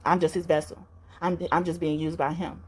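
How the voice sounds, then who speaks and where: Low-voiced woman giving a rambling tarot reading. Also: level tone, moderate pace, husky. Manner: rambling, earnest, many fillers and restarts. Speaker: tarot reader. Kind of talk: spiritual tarot reading vlog.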